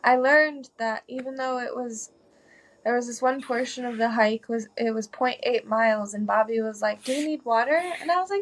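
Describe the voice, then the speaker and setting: A woman's voice: on the high side, moderate pace. A woman talking as a podcast guest, reflective and chatty, saying "like" often. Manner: reflective, uses "like" a lot, laughs easily. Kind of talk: casual conversation.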